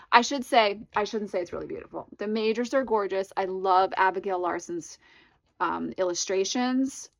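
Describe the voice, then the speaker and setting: A woman's voice: mid-range voice, dry recording, poor audio. A woman hosting a casual vlog, gushing with enthusiasm as she shows off tarot decks and candles, stretching out words for emphasis. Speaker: tarot reader and channel host. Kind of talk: casual show-and-tell vlog.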